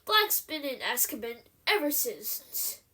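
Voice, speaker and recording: A woman reading aloud, voicing a middle-aged male minister who tells a grim story in a solemn, halting way. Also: high voice, big pitch swings, bright, forceful tone, husky, full character voice. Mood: grave.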